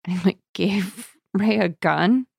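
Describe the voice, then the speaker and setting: A woman co-hosting a casual book discussion, animated and laughing often as she retells scenes. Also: medium pitch, slow, vocal fry, husky, no echo, studio quality. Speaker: book podcast co-host. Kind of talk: casual chat.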